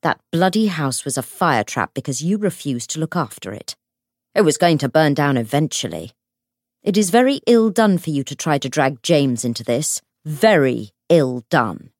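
A woman's voice: low-pitched, expressive, normal speed, darkish tone, dry recording, studio quality. Woman doing a flinty grieving man. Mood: bitter. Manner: cold, clipped.

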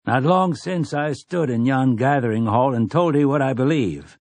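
A man's voice: medium pitch, lively intonation, moderate pace, darkish tone, no room sound, pitched above the performer's own voice. A man voicing an earnest farmer father who addresses his town in solemn, plain country speech.

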